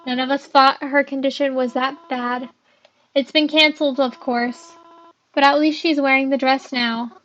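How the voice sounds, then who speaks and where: Girl doing a high-voiced grieving mother, tearful, on a dull lo-fi recording. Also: little pitch movement, moderate pace, fairly bright tone. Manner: sorrowful, tearful, apologetic. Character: grieving mother of a dead young woman.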